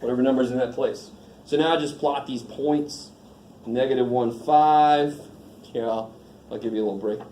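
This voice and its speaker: Man, math teacher, informal and joking, mellow voice, roomy classroom sound. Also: medium pitch, fairly even intonation, moderate pace, slight background noise. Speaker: math instructor. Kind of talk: casual classroom lecture. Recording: echoey classroom, faint ambience.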